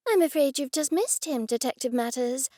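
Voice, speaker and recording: Courteous office receptionist, played by a woman narrator, brisk, bright pitch. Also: animated, no echo, studio quality. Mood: polite.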